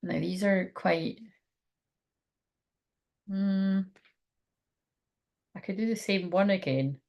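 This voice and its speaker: A woman's voice: mid-range voice, slow, muffled recording. A woman doing a live card reading for her viewers. She rambles and thinks aloud in a chatty, informal way. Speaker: tarot card reader.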